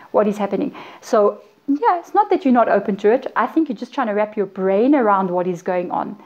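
A woman gives a casual tarot reading, chatting directly to her viewers and acting out the reactions she describes. Her voice sits at an ordinary middle pitch. The recording sounds somewhat dull and lo-fi. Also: darkish tone. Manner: chatty, acts out quoted reactions, addresses viewers as guys. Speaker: tarot reader.

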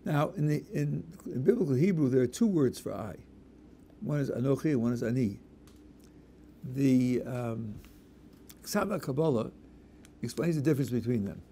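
A man's voice: medium pitch, animated, normal speed, vocal fry, pauses often, warm tone, slight background noise. A man, a rabbi, answering audience questions in a lecture, emphatic and explaining with worked examples and repeated stresses.

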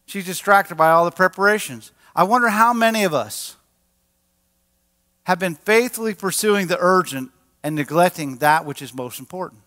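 A man, a pastor, preaching a sermon in a lively, animated way and acting out quoted voices. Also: sits high, normal speed. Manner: animated, acts out quotes with a raised voice. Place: church sanctuary. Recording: large church hall with long reverb.

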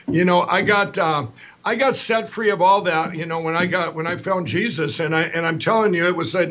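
With a high voice, a middle-aged Minnesota man, guesting to share how he founded his company, rambles rapidly and with animation, frequently restarting his sentences.

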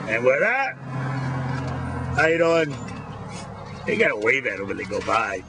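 A man's voice: mid-range voice, sing-song, a little slow, pauses often, pushed and bright. Middle-aged guy ranting jokes into a handheld camera by a street, folksy, acts out the voices. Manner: folksy storyteller who acts out quoted voices. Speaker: vlog host. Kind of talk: casual joke-telling rant to camera. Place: outdoors by a street. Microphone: handheld camera held to himself.

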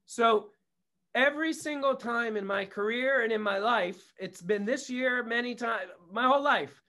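Here a middle-aged man's very high voice comes through with a sharp tone and a measured pace. A comedy producer and director, he's a guest on an interview show, candidly telling family stories in a loose style, swearing freely and slipping into side remarks.

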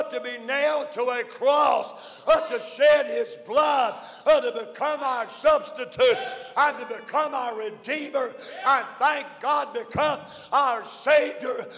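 A Southern American man preaching a fiery evangelistic sermon as pastor, shouting in refrains with frequent "uh" fillers. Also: very high-pitched, big-room sound. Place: church sanctuary.

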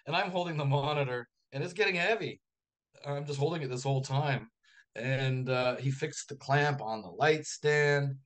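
A male author, a guest on a radio interview, telling a long anecdote in a lively raconteur's manner. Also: mid-range voice, normal speed. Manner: lively raconteur, acts out quoted voices.

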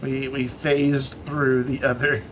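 A man with a mid-range voice streams himself playing a city-building game, chatting slowly and casually in a relaxed, rambling way before trailing off into muttered asides. Slight background noise can be heard.

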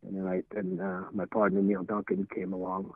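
A man in his 60s tells stories as a podcast guest in a casual interview, rambling and restarting phrases as he acts out old conversations. His low-sitting, creaky voice keeps a level tone and runs a little fast, with no echo. The recording is dry over a tinny, phone-like line.

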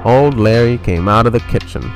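A man telling a short spoken story in a wry, deadpan, self-mocking way. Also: mid-range voice, moderate pace. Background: soft guitar music.

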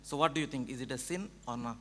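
A man asking a question from the floor at a debate, halting and pushing for a yes-or-no answer. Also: mid-range voice, pushed and bright, a little hiss or hum. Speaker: audience questioner.

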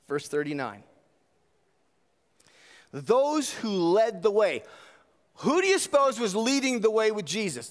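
A male pastor with a high voice preaches animatedly in a church sanctuary, where a long reverb trails his words. He keeps tossing rhetorical questions at the congregation.

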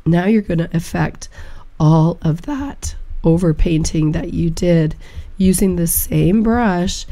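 A woman with a low, dark, mellow voice that is hoarse from illness. She walks through a painting tutorial in a chatty, encouraging way. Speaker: photo painting instructor. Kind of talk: screen-recorded software tutorial.

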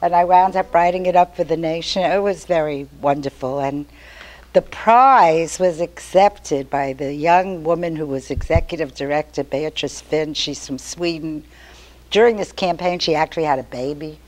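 A woman's voice: sits low, moderate pace. An older woman giving a chatty, storytelling talk to an activist meeting. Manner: chatty, storytelling, animated quotes. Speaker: activist speaker.

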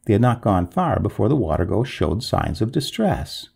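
Gravelly, mellow male storyteller. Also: fairly low pitch, very animated, moderate pace. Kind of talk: storybook narration.

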